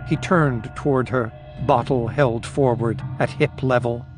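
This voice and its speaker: A man narrating an audiobook in steady, measured scripted narration. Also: medium pitch, music in the background.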